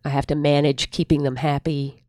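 A woman guest giving advice in an interview, thoughtful and unhurried, with many pauses and fillers. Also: low voice, flat delivery, a little mellow, no room sound, studio quality. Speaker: guest counselor. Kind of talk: reflective advice in a podcast interview.

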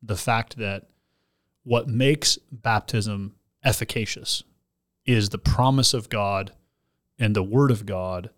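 A man's voice: fairly low pitch, slow pace, fairly bright tone. A man, a pastor and podcast host, reading a listener letter and then explaining at length, with frequent restarts.

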